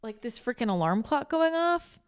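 Woman channeler hosting her own show, relaxed spiritual chat, talks in excited loops with restarts and the odd curse word, voice sits a little high. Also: normal speed, clean tone. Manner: animated and rambling, with frequent restarts, laughter and casual swearing. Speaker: spiritual channeler and podcast host.

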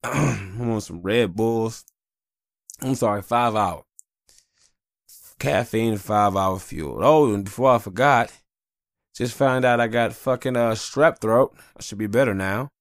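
A man with a low voice hosting a casual solo podcast. He rambles bluntly and swears freely as he talks. The sound is dry, with no room echo. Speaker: podcast host.

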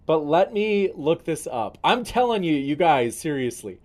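Male live-stream host, enthusiastic and rambling, fairly high voice. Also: big pitch swings, measured pace, a little mellow. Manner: enthusiastic, rambling, addresses viewers as folks. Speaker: debate show host.

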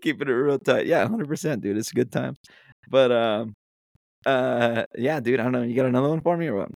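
A young man on a casual podcast, telling stories in a relaxed, laid-back way and swearing freely. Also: mid-range voice, a little fast, creaky, no room sound. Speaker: podcast co-host. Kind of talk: casual chat.

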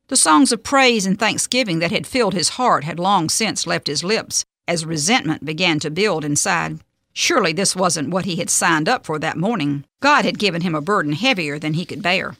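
A woman hosting a radio devotional, reading a story and scripture in a steady, measured way. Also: lowish voice, dry recording. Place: radio studio.

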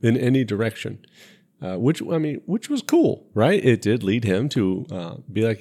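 A man co-hosting a podcast in casual chat, talking in an animated, joking way with some swearing. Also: lowish voice, normal speed, breathy edge. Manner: animated, swearing, laughs often. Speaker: podcast co-host.

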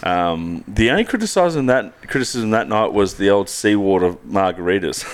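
A young Australian man with a fairly low voice, chatting loosely on a podcast. He swears freely, laughs often and tells his stories in an easygoing, rambling way. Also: animated, moderate pace. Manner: laid-back, swears a lot, laughs often. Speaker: podcast co-host. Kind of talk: casual chat.

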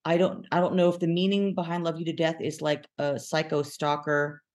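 A woman's voice: deep voice, little pitch movement, brisk, darkish tone. A woman musician guest on a podcast, chatting casually and laughing often. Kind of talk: casual chat.

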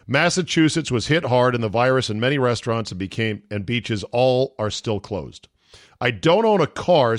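A male podcast host in a casual monologue who swears freely and rambles. He speaks at a middling pitch. The sound is dry and close, with no room around it. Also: fairly bright tone, no room sound. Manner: profane, rambling, emotional. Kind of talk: casual podcast monologue, reading a listener email.

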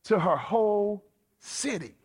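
A man preaching a sermon in an animated, colloquial, playful way. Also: high-pitched, takes it slowly, husky. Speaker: pastor.

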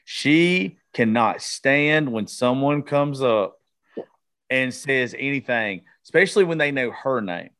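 Blunt reflective podcast host. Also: male voice, medium pitch, animated, slow, a bit bright. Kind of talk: casual podcast chat.

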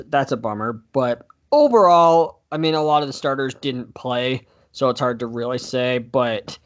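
Chatty man talking football. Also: mid-range voice. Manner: chatty, self-correcting, apologetic asides. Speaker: podcast co-host. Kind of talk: casual sports talk.

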